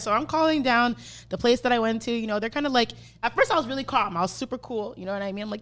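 A woman's voice: a little high, racing. A young adult woman, a podcast host telling a story in casual, profane chat and acting out what people said. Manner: profane, animated, acts out quotes.

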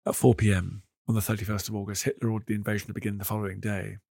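A man hosting a podcast, telling history in a measured, emphatic storytelling manner. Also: on the low side, level tone, vocal fry, warm tone, slightly rough, no room sound, studio quality. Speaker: podcast host. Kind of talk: scripted history narration.

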